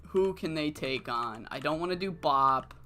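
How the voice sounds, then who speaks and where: Low-voiced, foul-mouthed woman streamer. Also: expressive, moderate pace, pushed and bright. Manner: profane, swinging from muttering to frustrated outbursts. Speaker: game streamer. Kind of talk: live-streamed gameplay commentary.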